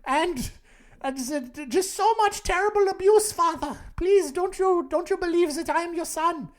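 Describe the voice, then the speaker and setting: A man's voice: extremely high pitch, measured pace, voice pushed up. A man putting on a melodramatic German accent to voice a young male impostor who pleads, in a stiff formal way, to be taken as a long-lost son. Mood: pleading, melodramatic. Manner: whiny, melodramatic, overly formal.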